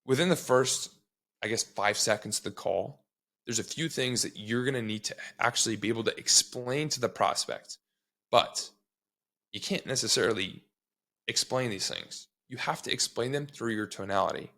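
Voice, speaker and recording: Male sales trainer, casual and blunt, a gravelly edge, checks in with the listener constantly. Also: medium pitch, normal speed, pushed and bright. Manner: blunt, swears, repeats "okay?" to check in.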